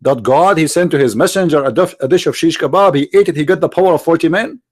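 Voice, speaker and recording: Sarcastic man with a high voice. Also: quick pace. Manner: sarcastic, mocking, jeering. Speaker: online commentator. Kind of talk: mocking rant.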